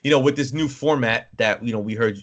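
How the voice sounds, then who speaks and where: A young man co-hosting a podcast, chatting casually and telling animated stories with acted-out quoted voices and some swearing. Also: mid-range voice, fairly quick. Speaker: podcast co-host. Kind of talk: casual chat.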